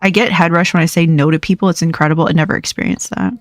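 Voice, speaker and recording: A woman's voice: sits low, steady tone, quick pace, no echo, clean studio sound, soft background music. A young woman hosting a livestream, chatting casually and rambling with frequent laughs while she plays. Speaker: livestream host. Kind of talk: casual chat while gaming.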